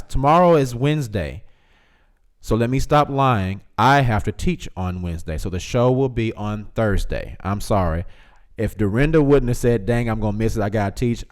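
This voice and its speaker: A man hosting a casual livestream, reading chat comments aloud, teasing viewers and laughing often. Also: on the low side.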